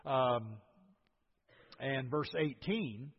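An older man with a husky, medium-pitched voice preaches very slowly, working through scripture verse by verse with emphatic asides. The recording sounds dull and lo-fi, with a long hall reverb.

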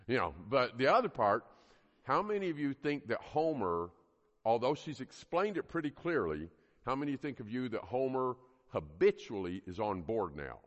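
A man's voice: mid-range voice, very animated, normal speed, highs cut off. Emphatic male teacher in a reverberant hall. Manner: earnest, emphatic, asks the audience questions. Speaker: parenting class teacher. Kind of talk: teaching a class to a live group.

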